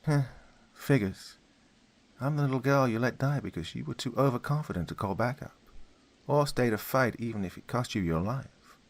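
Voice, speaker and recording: A man's voice: mid-range voice, expressive, moderate pace, pitched above the performer's own voice, close to an everyday voice. A man voicing a young girl in a spoken story, sneering and taunting. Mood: scornful. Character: young girl, scornful and accusing.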